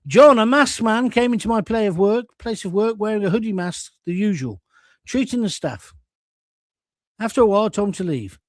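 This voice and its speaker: A man's voice: high voice, darkish tone, no room sound, clean studio sound. An older man hosting a live-stream chat show, telling rambling jokey anecdotes with self-mocking asides and reading out viewer comments.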